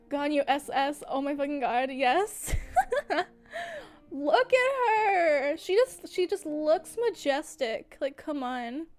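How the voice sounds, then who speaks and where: A young streamer talks slowly in a high, slightly mellow voice, pausing often while faint music plays behind her. Her casual livestream chat is gushing and full of fillers, and she keeps laughing mid-sentence.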